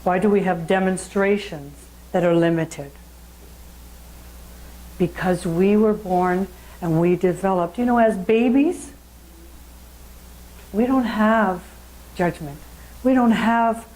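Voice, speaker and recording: A woman's voice: medium pitch, unhurried, pauses often, a little mellow, rough recording. A woman giving a sermon at a spiritual centre, telling a story in a conversational way and putting questions to the audience.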